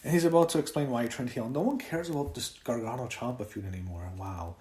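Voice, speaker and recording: A man's voice: medium pitch, fast talker, darkish tone, echoey room. A man giving a casual, rambling solo review of a wrestling show, with lots of fillers and swearing when he gets worked up.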